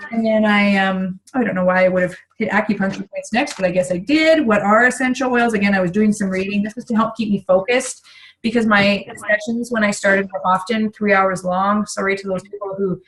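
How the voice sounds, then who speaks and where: A middle-aged woman talks casually to a group she is training. She is chatty and full of asides, and her voice sits at an ordinary pitch for a woman. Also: steady tone, fairly quick, slight background noise, low-quality recording. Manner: chatty, many fillers and asides. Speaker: essential oils business trainer.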